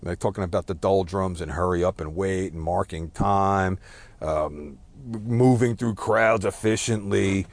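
Deep-voiced man rambling about his life. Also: measured pace. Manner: rambling, self-deprecating, swears and apologizes. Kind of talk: personal reflective monologue.

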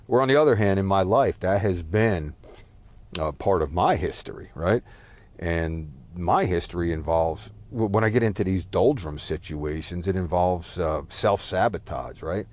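Deep-voiced man rambling about his life. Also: normal speed, darkish tone. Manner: rambling, self-deprecating, swears and apologizes. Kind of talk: personal reflective monologue.

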